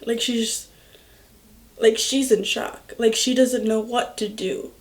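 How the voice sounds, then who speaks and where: A young woman vlogger telling a personal story in a slow, halting way, full of filler words. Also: on the high side, fairly even intonation. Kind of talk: storytime vlog.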